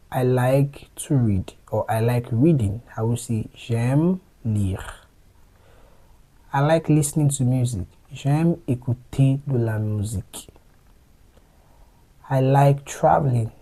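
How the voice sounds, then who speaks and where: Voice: medium pitch, mellow, poor audio. A French teacher giving a patient language lesson, explaining step by step and repeating each phrase.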